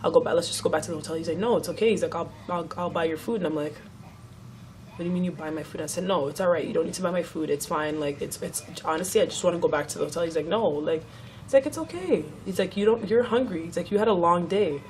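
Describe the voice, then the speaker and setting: A woman's voice: sits low, steady tone, fast, a little hiss or hum. A young woman vlogger telling a story in a casual chat, swearing freely and acting out what others said.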